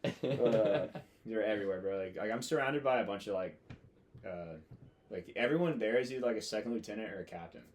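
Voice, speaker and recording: Young man, twenties, low-pitched, rambling, filler-heavy, swearing, casual storytelling. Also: a little fast, slight background noise. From United States. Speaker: podcast guest, Marine officer.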